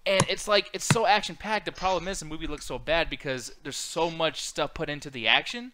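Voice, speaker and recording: A man hosting a casual late-night chat show, talking fast and loosely, swearing, and acting out quotes in voices. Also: a little high. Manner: animated, swearing, acts out quotes in funny voices. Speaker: host.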